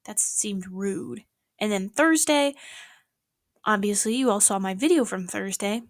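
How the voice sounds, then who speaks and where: At night in her small apartment, a young vlogger talks casually about her day in an unhurried, mid-range voice. The recording is dry and studio quality. Her manner is rambling and animated, with swings into whispers.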